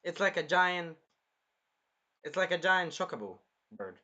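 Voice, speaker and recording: A man hosting a casual anime review, rambling and animated, swearing freely as he recaps an episode. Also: sits high, measured pace, muffled recording. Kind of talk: casual chat.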